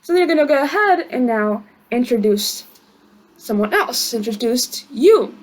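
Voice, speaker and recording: A woman's voice: on the high side, animated, unhurried. A woman giving a casual online language lesson, chatty, with many fillers and friendly asides. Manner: chatty, many fillers and "you know what I mean". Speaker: language teacher.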